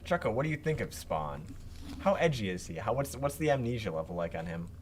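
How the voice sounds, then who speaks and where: A man's voice: on the low side, big pitch swings, fairly quick, a little hiss or hum. A man co-hosting a casual comics chat on a live stream, rambling with lots of fillers and dry jokes. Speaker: co-host.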